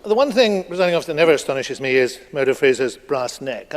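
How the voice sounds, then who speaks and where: A man's voice: a little high, animated, fast, hardly any pauses. A man, a cabinet secretary, giving a formal speech in parliament, emphatic and combative, using rhetorical repetition. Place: large parliamentary debating chamber. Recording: long reverb of a debating chamber.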